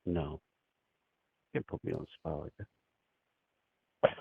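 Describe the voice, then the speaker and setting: Gravelly man on a tinny phone line. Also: rumbling low, flat delivery, slow, pauses often, no room sound. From United States. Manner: rambling, crude, laid-back, lots of fillers. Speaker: caller. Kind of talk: casual phone chat.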